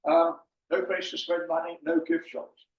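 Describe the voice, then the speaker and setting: An older man talks through his slides in a loose, joking way, filling pauses with ums. His voice sits a little high and comes from some distance off. The room echoes, and the sound is muffled. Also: monotone. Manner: jokey, chatty, with many ums. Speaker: presenter. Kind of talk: informal slide presentation. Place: meeting room with an audience. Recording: far-off mic, roomy and muffled.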